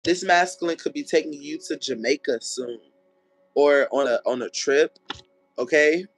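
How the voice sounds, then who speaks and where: A man's voice: on the high side, faint music behind. A man giving a casual tarot reading. He talks bluntly and swears, and he acts out what people might say. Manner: animated, acts out people's lines in quick voices; blunt and profane, checks in with "okay?". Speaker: tarot reader.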